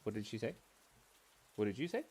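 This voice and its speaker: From a room at home, a man hosts a live drawing stream, rambling casually in a playful, giggly way and telling silly stories. His fairly low voice has lively intonation, a little fast and a little mellow, with slight background noise. He wears headphones and uses a desk mic.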